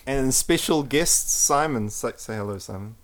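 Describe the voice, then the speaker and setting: Lively, laughing podcast host man. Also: medium pitch, moderate pace. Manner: laughs often, swears, animated storytelling. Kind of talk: casual podcast chat.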